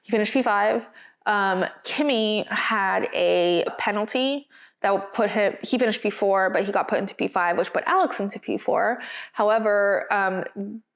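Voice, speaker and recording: A woman co-hosts a podcast in a casual recap style. She talks in a chatty, expressive way with a mid-range voice. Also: mid-range voice, measured pace. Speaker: podcast co-host.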